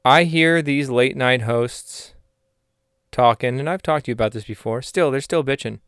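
A man hosting his podcast in a rambling, self-mocking comedic monologue with deadpan asides. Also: medium pitch, moderate pace, smooth, no echo, clean studio sound. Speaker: podcast host.

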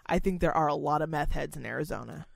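A woman co-hosting a casual comedy podcast, telling a story with lots of swearing and loud acted-out quotes. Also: low voice, fast, creaky, dry recording, studio quality. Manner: profane, animated storytelling, loud put-on quotes. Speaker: podcast co-host.

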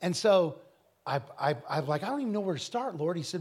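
A man ministering at a church Q&A, telling a personal testimony with frequent restarts and bursts of shouted scripture. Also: sits high, brisk, breathy edge. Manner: animated, rising to shouted scripture with audience call-outs; repeats and restarts words often.

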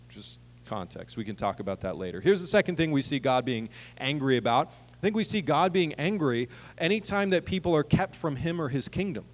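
A man preaching a sermon in a conversational way, acting out quotes with humor. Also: fairly high pitch. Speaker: pastor. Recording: long hall reverb.

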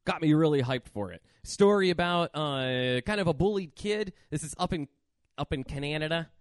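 A man hosting a casual horror movie podcast, talking in a profane, animated rant. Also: fairly high pitch, normal speed, no echo, clean studio sound. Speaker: podcast host.

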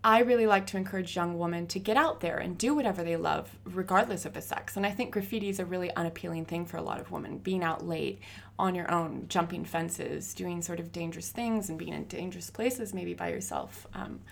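A woman in her thirties, a graffiti artist, telling stories in a casual interview with lively, laughing energy. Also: on the low side, fairly quick, creaky, a little hiss or hum. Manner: animated, laughing storyteller.

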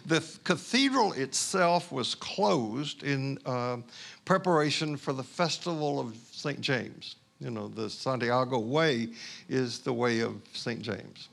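A male pastor from Houston, Texas telling a personal story in a sermon, conversational and halting with asides. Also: mid-range voice, lively intonation, gravelly, fairly bright tone.

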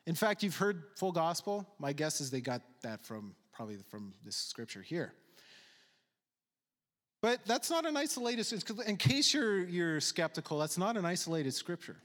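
A man preaching a sermon in a slightly high voice, hammering points home by repeating words and dropping casual asides. His voice rings out with a long hall reverb behind it. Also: big pitch swings, a little fast, a bit bright. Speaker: pastor.

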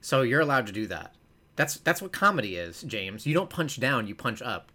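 Bright-voiced rambling American man. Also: medium pitch, very animated, normal speed. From United States. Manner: rambling, trying out silly accents. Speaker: podcast co-host. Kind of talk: casual chat.

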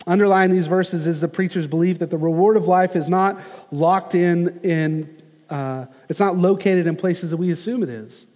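Pastor guy preaching, high voice, slow punchy phrases, big echoey church. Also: a little mellow. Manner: earnest, measured preaching with slow emphatic phrases. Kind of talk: sermon.

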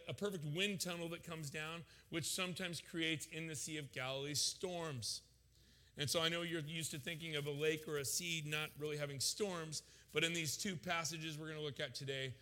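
A man preaching a sermon to a congregation, animated and joking with the crowd. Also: on the high side, in a large hall. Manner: animated, jokes with congregation, acts out voices. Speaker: pastor.

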